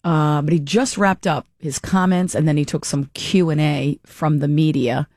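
A woman hosting a call-in talk radio show, chatty and quick to laugh, often breaking off mid-thought. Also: low voice, steady tone, darkish tone, no room sound, clean studio sound.

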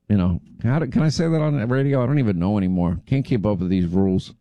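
Indignant talk radio host, dry studio sound. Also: male voice, medium pitch, very animated, a little fast, dark tone, no echo. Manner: indignant, emphatic, repeats himself.

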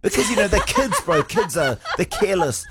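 A man, a radio co-host in his thirties, telling a funny story in animated, laughing casual chat. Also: high voice, brisk, heavy background noise.

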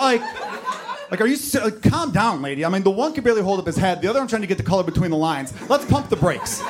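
A man in his thirties doing a stand-up comedy set, telling stories with animated asides. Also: sits high, noisy background. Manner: animated storytelling with voiced asides.

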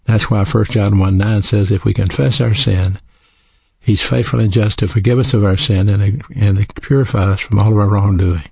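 A man's voice: on the low side, steady tone, moderate pace, vocal fry, mellow, breathy edge, dry recording. A man preaching a sermon in an earnest, teaching way, spelling out words letter by letter.

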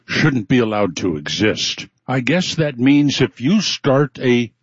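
A man's voice: mid-range voice, big pitch swings, slow, breathy edge, no echo. A man delivering scripted radio commentary in a sarcastic tone. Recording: dull radio sound with faint music.

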